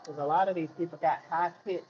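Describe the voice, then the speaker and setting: A man's voice: fairly high pitch, fairly even intonation, fast. A man telling a personal story in a casual vlog rant, asking rhetorical questions and repeating himself in colloquial speech. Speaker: vlogger. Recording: muffled lo-fi with faint hiss.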